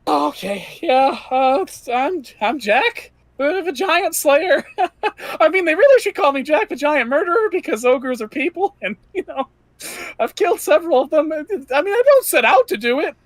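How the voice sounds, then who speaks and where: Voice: sits high, big pitch swings, normal speed, no room sound, pitched above the performer's own voice. A game master voicing a nervous young man in his twenties who rambles and stammers with anxious energy.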